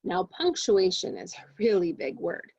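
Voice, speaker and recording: A woman teaching a kindergarten reading lesson to children in an expressive, sing-song way. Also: lowish voice, normal speed, slightly rough, no room sound, highs cut off.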